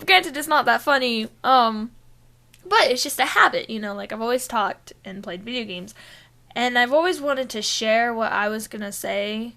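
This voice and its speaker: Giggly animated woman podcaster. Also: on the high side, brisk. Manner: giggly, animated, jumps into silly voices. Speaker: podcast co-host. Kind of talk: casual podcast chat.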